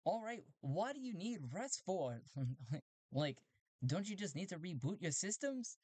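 A man voicing a strange, excitable male robot who collects and catalogs things, in a solo tabletop role-play. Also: sits high, measured pace, dry recording, pitched above the performer's own voice, heavily acted. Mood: cheerful.

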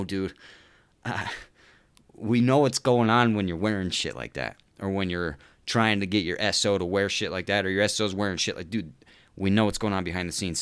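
Low, slightly bright and clean, the male podcast host's voice carries an exasperated, sarcastic rant. It's comedic and full of profanity, with "dude" thrown at people throughout.

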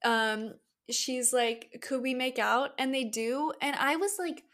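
A woman's voice: sits high, slow, fairly bright tone. A woman podcast guest in casual chat, retelling scenes and acting out the characters' lines playfully. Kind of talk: casual movie discussion.

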